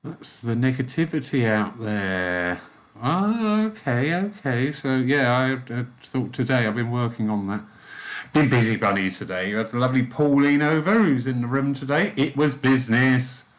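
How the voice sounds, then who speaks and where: A man leading a church group's guided meditation, then chatting casually with them in a gentle, soft-spoken way. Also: medium pitch, animated, moderate pace. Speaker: spiritualist church meditation leader.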